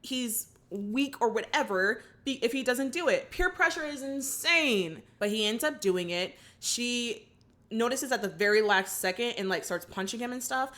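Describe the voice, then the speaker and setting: A woman's voice: fairly high pitch, animated, moderate pace, a bit bright. A young woman hosting a movie reaction channel, retelling the film and giving her opinions to viewers in a chatty, casual way. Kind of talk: casual film recap and commentary.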